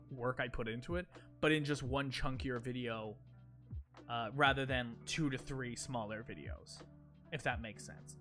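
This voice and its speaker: A man's voice: mid-range voice, sharp tone. A man live-streaming a game, talking casually and directly to his chat viewers, rambling with many fillers and restarts while game music plays.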